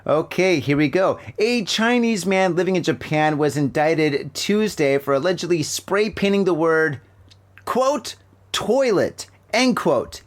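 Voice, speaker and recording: A man's voice: a little high, animated. Jokey, rambling middle-aged American man. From United States. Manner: rambling, jokey, reads news haltingly. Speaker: podcast host. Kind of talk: casual news chat. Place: home room with a fan running. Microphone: laptop mic.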